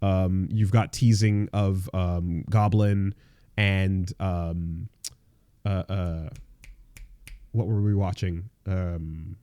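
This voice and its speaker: A man's voice: deep voice, level tone, very slow, warm tone, no room sound. A man co-hosting a casual podcast, rambling and swearing, with lots of fillers and restarts. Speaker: podcast co-host.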